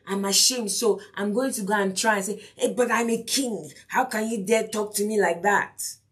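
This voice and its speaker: Woman preacher, emphatic, repeats herself, questions the listeners, fairly high voice. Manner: emphatic, repeats key lines, asks the listeners questions, acts out quotes. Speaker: preacher and teacher. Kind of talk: sermon lesson.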